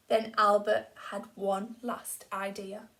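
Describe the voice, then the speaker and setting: Reading a picture book to children, a female teacher takes a slow, expressive approach, softening to a hush when the story turns quiet. Her voice is a little high.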